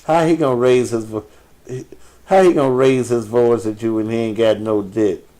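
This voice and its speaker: Male call-in host, foul-mouthed joker, mid-pitched everyday voice. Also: steady tone, moderate pace, mellow. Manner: crude, profane, joking banter. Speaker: radio call-in show host, addressed as pastor. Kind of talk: live call-in talk show.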